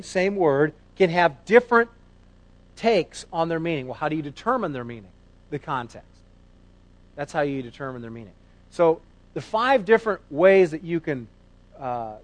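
A middle-aged man preaching a sermon in a conversational, animated way, asking rhetorical questions. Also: a little high. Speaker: pastor.

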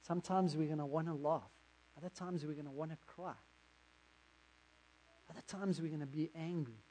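A male pastor delivering a sermon with an earnest, direct address to his congregation. His voice sits a little high for a man. He speaks steadily and sincerely. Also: steady tone, normal speed, mellow, poor audio.

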